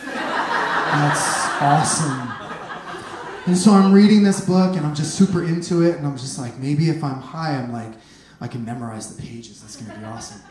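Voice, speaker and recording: A man performing a stand-up comedy set on a club stage, telling animated stories and shouting punchlines. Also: on the high side, moderate pace. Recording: echoey room, noisy club.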